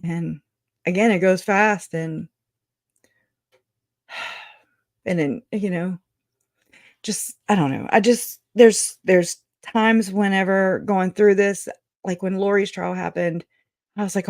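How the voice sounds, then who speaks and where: A woman's voice: mid-range voice, fairly even intonation, slow pace, long pauses, a little mellow, no echo, studio quality. A woman hosting a true crime livestream, rambling, laughing often and teary as she chats. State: crying. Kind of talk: emotional livestream chat.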